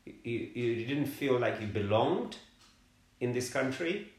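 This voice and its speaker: A middle-aged man from London recalls his life in a relaxed interview. He speaks in a halting way, often repeating a word before going on. His voice sits at a middle pitch, and the room around him gives it a roomy echo. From London, England. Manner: halting, repeats words while searching for them. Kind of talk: conversational life story.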